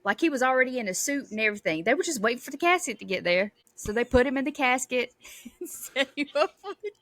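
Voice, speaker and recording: A woman, co-hosting a podcast and telling a family story in a lively, laughing way. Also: high voice, fast, dry recording. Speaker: podcast co-host. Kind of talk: casual storytelling.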